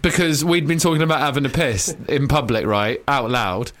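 A man's voice: mid-range voice, animated, a bit bright. A man co-hosting a radio show, chatting casually and teasing his co-host. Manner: teasing, quick to laugh. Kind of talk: casual comedic chat.

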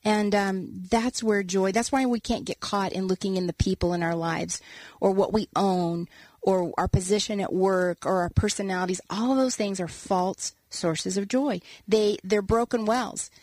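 Woman guest telling a story, earnest and animated, mid pitch, dry close sound. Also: moderate pace, dry recording. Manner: earnest, animated, acts out quotes. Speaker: author and guest. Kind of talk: casual storytelling conversation.

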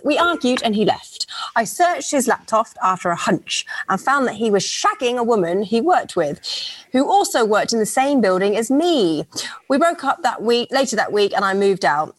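A woman's voice: medium pitch, no echo. A young woman co-hosting a radio dating show, chatty and sweary, with frequent laughs. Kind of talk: casual banter on a radio podcast.

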